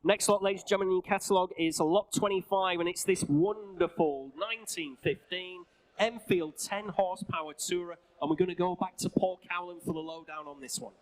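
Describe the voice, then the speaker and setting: A man with a Northern English accent calling bids at a live car auction, with rapid patter and jokey asides. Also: high-pitched, steady tone, poor audio. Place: auction sale room.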